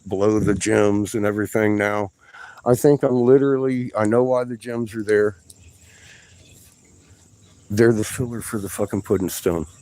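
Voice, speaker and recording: A man excitedly commenting on his finds in a dug pit outdoors, rambling and swearing as he goes. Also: lowish voice, slight background noise, low-quality recording. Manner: profane, rambling, bursts of excitement. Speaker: amateur researcher vlogging a dig.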